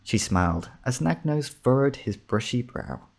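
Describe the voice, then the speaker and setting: A man narrating a comic fantasy story in a steady, measured reading. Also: medium pitch.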